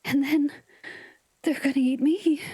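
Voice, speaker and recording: This female livestream host banters lightheartedly with her audience, frequently breaking into giggles and now and then slipping into a whisper. She has a high-pitched, mellow voice and the audio carries no echo.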